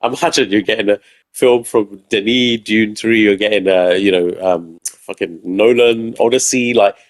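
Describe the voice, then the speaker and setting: A laid-back man chats on a gaming podcast panel, easygoing and eager. His voice sits low. The sound is dry and close. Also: normal speed, dry recording. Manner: relaxed, enthusiastic, says "like" and "dude". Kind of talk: casual gaming panel chat.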